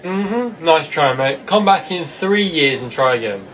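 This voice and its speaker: A man voicing an angry male cinema worker chasing a kid, bossy and shouting. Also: a little high, animated, measured pace, recorded from a distance, rough recording. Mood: dismissive.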